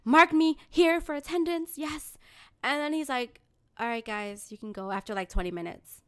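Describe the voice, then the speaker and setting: A woman from New York City co-hosting a casual podcast, telling profane, animated stories with laughs. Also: high-pitched, moderate pace. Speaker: podcast co-host. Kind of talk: casual chat.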